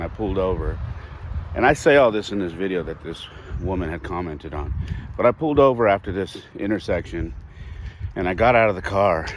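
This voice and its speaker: A man's voice: deep voice, a little hiss or hum. A man hosting a podcast, telling a personal story candidly and reflectively, with restarts and the odd sigh. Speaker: podcast host.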